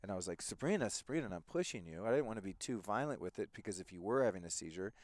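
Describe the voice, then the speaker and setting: A man telling a story in casual conversation, animated, swearing freely and acting out quoted voices. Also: sits low, racing, no room sound. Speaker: podcast guest.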